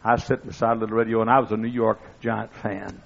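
Folksy older preacher with a gravelly voice. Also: male voice, lowish voice, fast talker. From East Texas. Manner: folksy storytelling that builds to excited shouting. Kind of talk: sermon. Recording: dull lo-fi recording.

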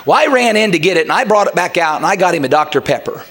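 A man preaching a sermon as pastor, emphatic and rising to shouts. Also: sits high, expressive, fast.

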